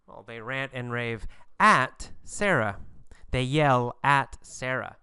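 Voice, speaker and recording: A man's voice: mid-range voice, clear, resonant tone, no room sound. A man teaching an English lesson through questions and answers about a story, speaking emphatically. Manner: slow, emphatic teacher delivery with lively intonation.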